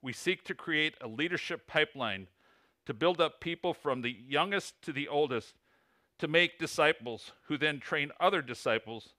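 A man's voice: a little high, normal speed, bright, forceful tone, no echo, studio quality. A man with an Illinois accent, a ministry coach giving a sermon in a church and earnestly reading out lists and figures. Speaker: ministry coach, guest preacher. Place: church sanctuary.

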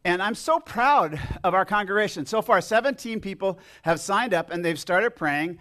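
Male pastor, fairly high voice, chatty joking sermon delivery. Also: expressive, sharp tone. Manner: chatty, joking, halting restarts. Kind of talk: casual sermon with congregation. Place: church sanctuary.

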